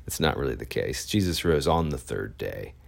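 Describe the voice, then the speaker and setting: Deep-voiced man rambling through a story. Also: sing-song, moderate pace, creaky. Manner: rambling, with many fillers and restarts. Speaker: photojournalist. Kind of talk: casual storytelling.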